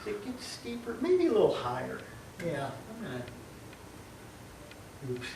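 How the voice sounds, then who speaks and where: Animated teacher in a roomy classroom. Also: male voice, fairly high pitch, a little slow, vocal fry. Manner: lively, acts out little scenes, self-correcting. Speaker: math teacher. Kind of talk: calculus lecture at a board. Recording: roomy, distant mic, faint hum.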